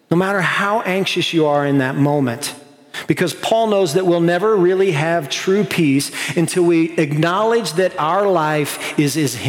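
A pastor giving a sermon, earnest and conversational, slowing down to stress key lines. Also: male voice, a little high. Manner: earnest, conversational preaching with slow emphatic stretches. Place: church sanctuary. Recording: long hall reverb.

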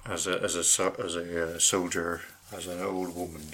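Low-voiced guy with a bright punchy tone, jokey podcast cohost banter. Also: flat delivery, moderate pace, a little hiss or hum. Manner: jokey, wry, trailing off with laughs. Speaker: podcast co-host. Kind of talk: casual chat.

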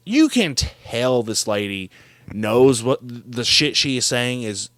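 A man co-hosting a podcast, recapping a movie in animated, swear-filled casual chat. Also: mid-range voice, takes it slowly, no echo. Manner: animated, swears freely, mimics characters.

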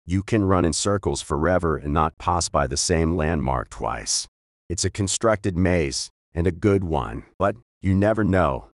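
Weary, guarded man, read by a man in a deep, dry voice; calm and reluctant. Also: a little slow, no room sound.

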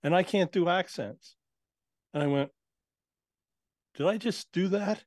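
A man's voice: high voice, measured pace, darkish tone, no echo, studio quality. A man who works as a spirit channeler, a guest on an interview show, telling his experiences in a casual, earnest, matter-of-fact way.

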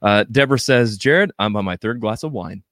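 A man hosts a casual podcast and keeps the talk loose and friendly. He laughs easily and reads out comments from listeners. His lowish voice is close-miked with no room sound. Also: expressive, fairly quick, a bit bright, no echo. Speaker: podcast host.

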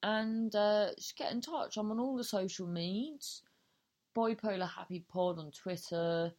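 Speaking at a measured pace in a medium-pitched, slightly mellow voice, this podcast host and comedian chats casually on her own show. She makes up a goofy story with plenty of restarts, cursing freely and making herself the butt of the joke.

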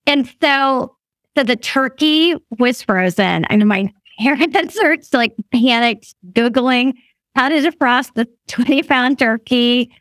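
This guest, a woman in her fifties, speaks slowly in a high-pitched voice while sharing a story in relaxed conversation. Frequent laughter runs through her talk, and she quotes others with lively impressions. The audio is studio quality with no room sound.

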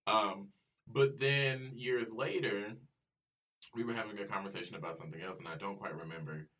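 Low-voiced man, heard off-mic. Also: moderate pace, a bit bright, recorded from a distance. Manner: laid-back, self-deprecating storyteller. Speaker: podcast guest. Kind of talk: casual interview storytelling.

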